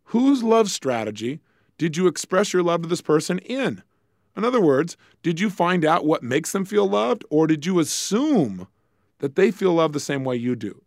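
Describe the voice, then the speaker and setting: A man's voice: fairly high pitch, no room sound, clean studio sound. A man giving a motivational lecture on relationships, acting out short dialogues in a raised voice. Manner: lively, acts out little dialogues with raised voice. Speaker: relationship speaker.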